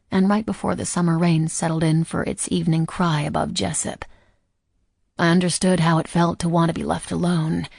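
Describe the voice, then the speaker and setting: A woman narrating a first-person audiobook in a quiet, measured, somber way. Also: deep voice, creaky, breathy edge, dry recording, clean studio sound.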